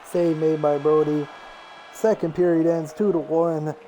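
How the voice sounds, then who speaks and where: A man's voice: on the high side, a little hiss or hum. Man calling video game hockey play-by-play. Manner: rapid play-by-play, rising excitedly on shots and goals. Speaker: play-by-play commentator. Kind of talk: live-streamed video game hockey commentary.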